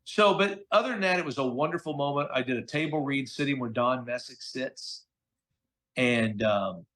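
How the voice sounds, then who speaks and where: A middle-aged man, a voice actor who is a guest in a casual interview, telling stories in an animated, slangy way. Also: mid-range voice, moderate pace. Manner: animated, chatty storyteller, slangy with "dude" and "okay?".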